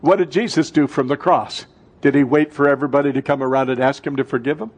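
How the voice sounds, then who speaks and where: A male pastor preaching a sermon, swinging between loud fervent bursts and soft, hushed passages, calling out to his congregation. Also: mid-range voice, steady tone, quick pace. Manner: calls out to the congregation.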